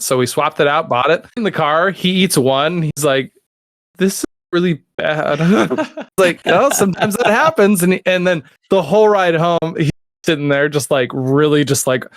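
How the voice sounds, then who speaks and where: A man's voice: on the high side, no echo, clean studio sound. A man co-hosting a podcast who tells a family story with a laugh, acting out quoted lines. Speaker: podcast co-host. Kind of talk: casual chat.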